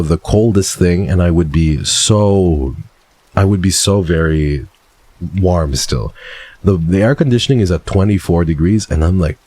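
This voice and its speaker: A male streamer with a very low, dark, husky voice, reading viewer submissions in a loose, casual chat. He is playful and dramatic and swears offhandedly. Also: no echo.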